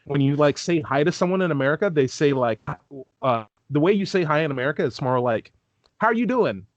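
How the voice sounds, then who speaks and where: A man's voice: a little high, fast talker, dry recording, dull audio. Young man, california-raised, casual interview guest, filler-heavy delivery, dry sound, video call. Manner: rambling, lots of "like", acts out quoted voices. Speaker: street epistemologist guest.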